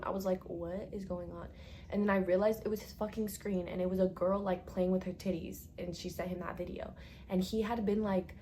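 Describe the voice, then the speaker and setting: A woman's voice: lowish voice, a little mellow, a little hiss or hum. A young woman telling a casual storytime to her viewers, chatty and dramatic, with lots of "like" and swearing.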